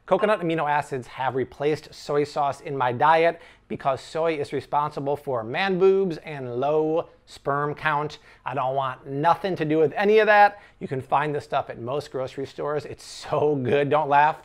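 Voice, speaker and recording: A man's voice: a little high, moderate pace, few pauses. A man hosting a casual cooking demonstration, upbeat and jokey as he explains each step. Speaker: cooking show host.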